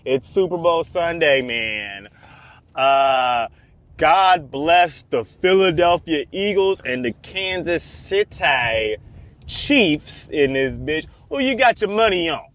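A man's voice: a little high, animated, slow, fairly bright tone. Profane rambling young man vlogging from his car. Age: 20s. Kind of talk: casual driving vlog. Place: in a car on city streets.

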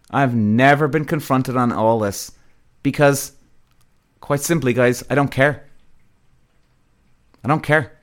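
A man hosting a podcast, delivering a blunt, profane rant straight to his listeners. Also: mid-range voice. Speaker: podcast host. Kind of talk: ranting monologue to listeners.

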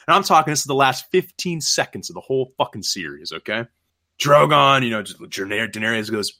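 Podcast guy ranting about a show ending, swears a lot, bright voice jumping all over. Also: medium pitch, a little fast. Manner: animated, profane, acts out scenes. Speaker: podcast host. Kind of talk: casual chat.

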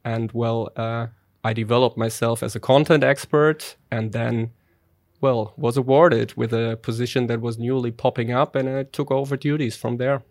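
A man's voice: mid-range voice, steady tone, a little mellow, no room sound, clean studio sound. German-accented man in a business interview. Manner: measured, businesslike, with fillers. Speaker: guest, head of sustainable finance. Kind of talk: interview answers.

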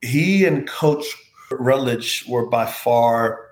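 There's a roomy echo as an ex-pro football player, appearing as an interview guest, tells a personal story with earnest, reflective heart. His voice sits mid-range and he speaks extremely slowly.

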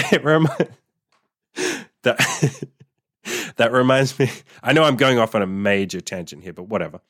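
A man's voice: medium pitch, unhurried, pauses often, a bit bright, dry recording, clean studio sound. A man hosting a podcast, talking in a blunt, profane casual monologue and laughing often. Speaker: podcast host.

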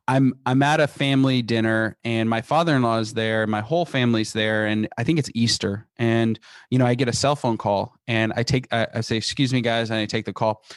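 A man being interviewed about the company he built. He speaks with emphatic energy and restarts his sentences often. His voice is dry and close, with average pitch. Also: clear, resonant tone, no echo. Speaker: business founder being interviewed. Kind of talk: casual interview talk.

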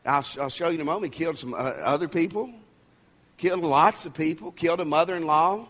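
A man's voice: fairly high pitch, fast, fairly bright tone. A male pastor giving a sermon, conversational and emphatic, with folksy asides and jokes.

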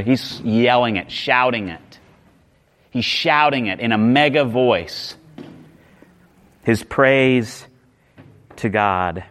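A man's voice: medium pitch, animated, slow, long pauses, a bit bright. A male pastor preaching a sermon, emphatic, often repeating words and restarting phrases.

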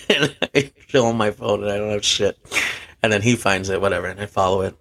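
A man's voice: on the low side, steady tone, brisk, fairly bright tone. A young man, a bartender and podcast host, telling a rambling story in casual, profane chat and laughing at himself.

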